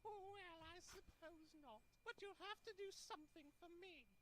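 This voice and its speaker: A woman's voice: extremely high pitch, animated, measured pace, a crowd in the background. An actress voicing a brash, flirtatious female relative in a video game, cheeky and bawdy. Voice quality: cheeky, bawdy, common-speaking.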